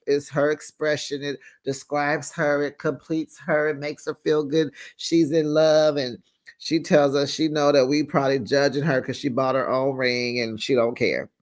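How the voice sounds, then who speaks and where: A host giving a sassy, gossipy recap of a reality show, animated and quick to laugh, with casual slang like "honey" and "child.". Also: medium pitch.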